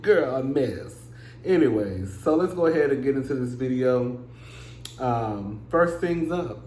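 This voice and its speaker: A man's voice: fairly high pitch, measured pace, darkish tone. A man hosting his own gossip vlog, talking casually and sassily to his viewers and calling them "girl". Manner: chatty, sassy, addresses viewers as "girl". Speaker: vlog host. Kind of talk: casual celebrity gossip chat. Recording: echoey room with faint noise.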